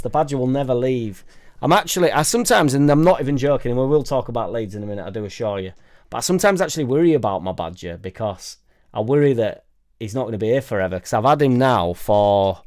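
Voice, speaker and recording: A man hosts a casual live stream from his home studio, rambling and joking as he reads out viewer comments. His voice is medium-pitched with a darkish tone, picked up by a suspended studio microphone.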